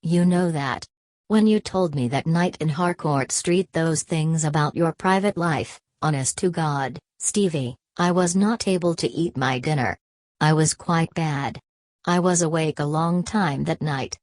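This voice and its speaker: A woman's voice: deep voice, unhurried, darkish tone, no echo, clean studio sound. Woman reading as an earnest young man. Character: earnest, simple-hearted young male nationalist.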